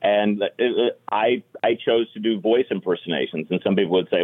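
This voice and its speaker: A man's voice: on the low side, normal speed, hardly any pauses, narrow, tinny audio. A middle-aged man, a stand-up comic and impressionist, earnestly explaining comedy in casual podcast talk. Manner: earnest, explanatory, repeats "you know".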